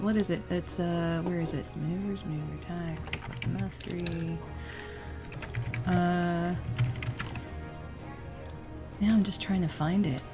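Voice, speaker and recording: Slow, low-voiced woman player. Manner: hesitant, thinking aloud while checking rules. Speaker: tabletop game player. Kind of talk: casual game table chat.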